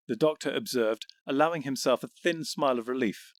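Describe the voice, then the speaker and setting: Male narrator, measured storytelling; mid pitch, dry close booth. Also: dry recording. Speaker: audiobook narrator. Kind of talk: scripted narration.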